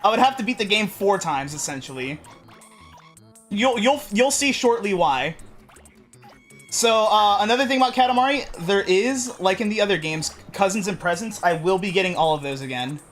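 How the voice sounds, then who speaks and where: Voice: mid-range voice, expressive, moderate pace, a bit bright, faint music behind. A streamer giving casual commentary while playing a game, rambling and correcting themselves often. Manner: rambling, with frequent restarts and self-corrections. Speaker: let's play streamer.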